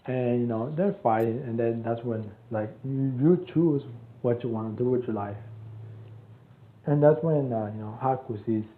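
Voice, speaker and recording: A man's voice: medium pitch, moderate pace. Rambling man, tinny echoey recording. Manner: rambling, full of fillers and restarts. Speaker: channel host. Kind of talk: casual story retelling. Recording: tinny echoey phone-like audio.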